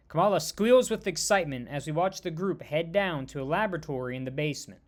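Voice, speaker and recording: A man narrating a fan-made superhero story in a steady, scripted storytelling manner. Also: fairly high pitch, quick pace, few pauses.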